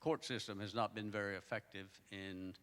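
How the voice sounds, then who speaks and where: A man's voice: lowish voice, steady tone, normal speed, fairly bright tone. A man from the audience asking a question in a hesitant, formal way. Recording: far from the mic in an echoing hall.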